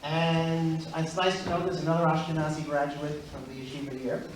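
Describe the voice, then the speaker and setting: Middle-aged Brooklyn comic, higher voice, storytelling stand-up, recorded from afar in a very reverberant hall. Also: male voice, level tone, noisy background. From Brooklyn, USA. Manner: measured storytelling with character voices. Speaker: stand-up comedian. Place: university event hall. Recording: very echoey hall, far mic.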